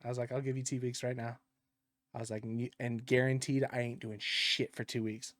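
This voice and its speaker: A man's voice: mid-range voice, brisk, no echo, clean studio sound. A man telling stories in a casual podcast, swearing a lot and laughing often. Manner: profane, animated storyteller who laughs often. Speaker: podcast co-host.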